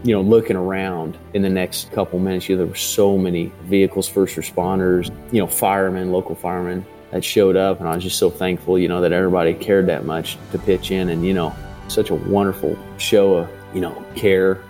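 A man with a deep, mellow voice tells his story in a halting, hesitant way, full of fillers and restarts. He sounds like a father in his thirties speaking in an interview. Soft music plays faintly beneath him. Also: little pitch movement. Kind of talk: interview testimony.

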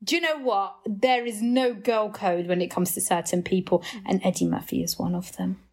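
A woman's voice: medium pitch, steady tone, normal speed, a little mellow. A woman comedian guesting on a podcast, chatting playfully and acting out scenes. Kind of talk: casual chat.

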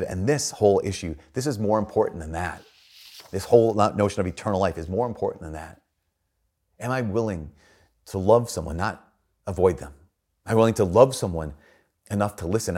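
Middle-aged guy priest preaching a homily, lowish voice, tells stories and jumps up high doing other ppl's voices. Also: darkish tone. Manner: storytelling, acts out quoted voices with big pitch jumps.

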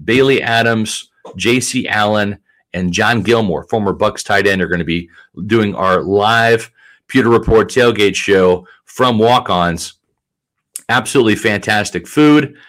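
A man with a fairly low voice hosts a live football chat stream in an easygoing, chatty way. He reads out viewer messages and slides in sponsor plugs. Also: measured pace, fairly bright tone. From Tampa area, Florida. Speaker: sports show host.

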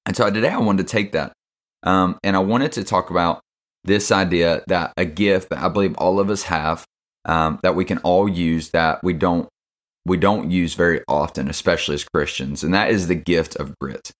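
Laid-back deep-voiced young man. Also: normal speed. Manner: laid-back, slangy, many fillers. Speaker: podcast host. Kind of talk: casual devotional talk.

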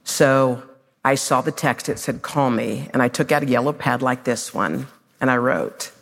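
A woman's voice: rumbling low, moderate pace, creaky, in a large hall. A woman TV host telling a personal story on stage, emphatic and heartfelt. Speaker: TV host interviewing. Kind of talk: conversational interview on stage. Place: stage before a live audience.

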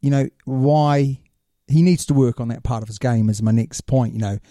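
A man's voice: medium pitch, moderate pace, dark tone, no room sound, clean studio sound. A man co-hosting a casual rugby chat, chatty and jokey, often laughing at himself. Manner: chatty, jokey, self-deprecating. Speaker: podcast co-host.

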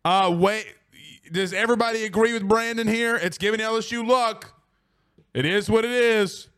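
Excitable high-voiced male sports host. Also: normal speed, clear, resonant tone. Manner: excitable, laughs often, rambling restarts. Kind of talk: casual sports talk, reading listener comments.

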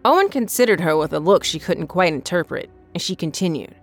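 A woman narrating a scripted horror story in a measured, even storytelling voice. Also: fairly low pitch, faint music behind.

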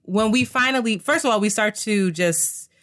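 A woman co-hosts a casual podcast chat, telling a story with lively, acted-out quotes. Her voice is mid-range and her pace moderate, and she's an animated storyteller.

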